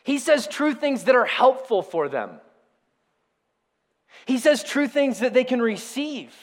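A high-voiced man preaches in a lively way, his pitch rising and falling widely. He calls on his congregation to say words back to him. The voice rings out through a church hall with long reverb. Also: a little slow. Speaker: pastor. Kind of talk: sermon. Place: church sanctuary.

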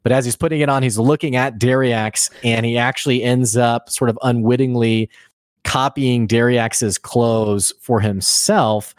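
A man recaps an episode in a loose, chatty way, tumbling through the story with plenty of ums and little laughs. His voice sits at an ordinary middle pitch. The sound is dry and close, with no room around it. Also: a little slow, dry recording. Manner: animated storytelling with fillers and laughs. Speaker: podcast co-host. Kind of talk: casual recap chat.

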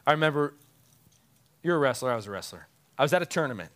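A male pastor preaches a conversational sermon to his congregation, often chuckling and repeating key phrases for emphasis. He talks fast in a medium-pitched, sing-song, slightly bright voice.

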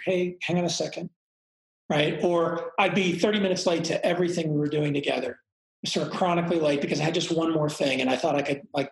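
A man's voice: on the high side, creaky. A middle-aged man frankly and reflectively telling a personal story in conversation, swearing casually now and then. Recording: roomy echo.

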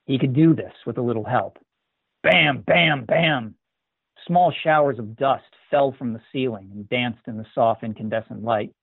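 A man reads a scripted story in a measured, even voice of middle pitch. The recording is thin and tinny, like a phone line, with no room echo. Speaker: story reader. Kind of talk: scripted narration. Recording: tinny dry phone-like sound.

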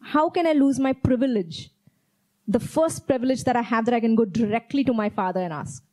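A woman's voice: on the high side, fairly quick, darkish tone, low-quality recording. A woman preaching a sermon, reading Bible verses aloud and repeating key phrases with earnest emphasis. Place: church.

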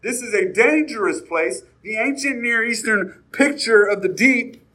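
A man's voice: extremely high pitch, unhurried, bright, forceful tone, slight background noise. A man preaching a sermon, painting a vivid scene and citing Bible verses. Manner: vivid storytelling with Bible references. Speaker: pastor. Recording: echoey hall from far off.

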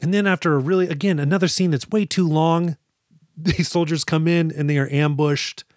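A man's voice: on the high side, steady tone, moderate pace, dry recording, clean studio sound. A man co-hosting a podcast, chatting casually and jokily about an action movie. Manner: rambling, jokey, acts out lines from the movie. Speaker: podcast co-host. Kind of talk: casual movie review chat.

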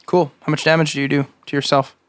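A man's voice: a little high, quick pace, clear, resonant tone, no room sound. A man with a slightly raised voice runs a tabletop game, making calls as he goes and laughing along with his players. His voice is recorded dry and close, with no room around it. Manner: relaxed, laughs often, rules on the fly. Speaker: game master.

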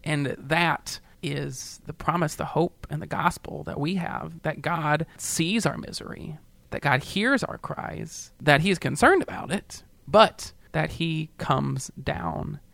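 A man's voice: on the high side, slow pace, creaky, a bit bright, dry recording. A male pastor talking earnestly and emotionally in a podcast discussion, building up to a preaching tone at times.

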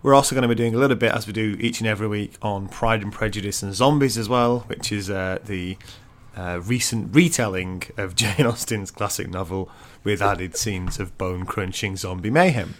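A man's voice: on the low side, moderate pace, hardly any pauses. A man co-hosting a podcast in casual, self-mocking chat full of fillers. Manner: chatty and self-mocking, with frequent laughs and fillers. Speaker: podcast co-host.

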